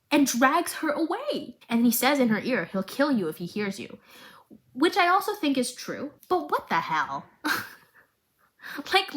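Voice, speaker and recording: A young woman retelling a story to her viewers in a casual, emotional vlog, with dramatic, expressive delivery and chatty asides. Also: fairly high pitch, low-quality recording. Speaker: video creator recapping a series.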